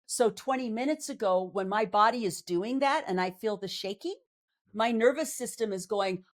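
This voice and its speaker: Woman, psychologist guest, interview, earnest, reassuring, mid pitch. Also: normal speed. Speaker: psychologist and life coach guest. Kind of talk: conversational interview. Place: on camera.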